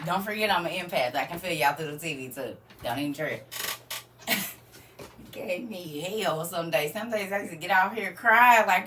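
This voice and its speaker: A woman's voice: lowish voice, lively intonation, a little slow, long pauses, far from the mic, noisy background. A woman hosting a live stream, talking casually and half-preachy to her viewers and laughing often.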